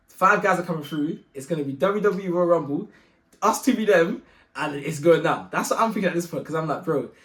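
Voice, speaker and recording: A young man telling a story in a slangy, animated way, acting out the other people's voices. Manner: slangy, acts out voices, gets loud and high when excited. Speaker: guest telling his story. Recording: echoey room.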